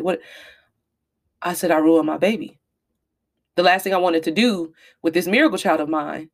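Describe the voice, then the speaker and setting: Candid woman with a gravelly edge. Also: lowish voice. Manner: emphatic, confessional, addresses listeners directly. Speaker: podcast host. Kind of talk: candid personal storytelling monologue.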